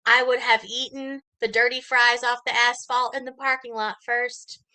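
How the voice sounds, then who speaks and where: Bright high-voiced woman. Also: moderate pace, poor audio. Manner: animated, laughing, greets viewers mid-story. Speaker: livestreamer and mystery shopper. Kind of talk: storytelling on a live stream. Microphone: computer or phone mic.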